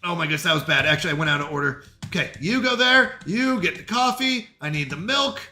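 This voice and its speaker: A man's voice: on the high side, animated, fast talker, bright, forceful tone. A man with a Canadian accent, chatting frantically to himself and his stream while playing a game. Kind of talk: live-stream gameplay chat.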